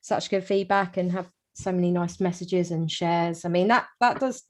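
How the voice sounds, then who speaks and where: A woman's voice: lowish voice, fairly even intonation, normal speed, darkish tone. A woman, a guest singer, chatting casually in an interview with frequent ums.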